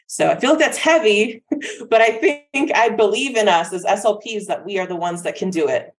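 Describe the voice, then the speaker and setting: A woman's voice: medium pitch, normal speed. A woman speech-language pathologist being interviewed, speaking earnestly and persuasively. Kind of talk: conversational interview.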